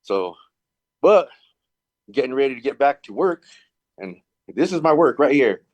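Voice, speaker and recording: Lively, rambling male guest. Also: medium pitch, a little slow, no echo, highs cut off. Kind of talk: casual chat.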